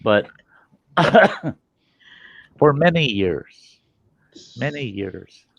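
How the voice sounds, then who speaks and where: Telling rambling, profane stories as host of a casual show, this man speaks in a lowish, expressive voice with vocal fry, taking his time. The recording is dry, dull and lo-fi.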